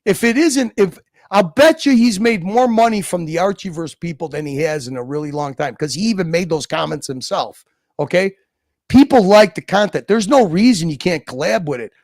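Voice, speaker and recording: A high-voiced man with a gravelly edge rants on his livestream, swearing constantly and mocking his critics. His pitch swings all over the place as he talks. The sound is dry and close, with no room around it. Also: expressive, moderate pace, a little mellow, dry recording. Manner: profane, mocking, heated rant. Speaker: livestream host. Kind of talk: ranting livestream chat.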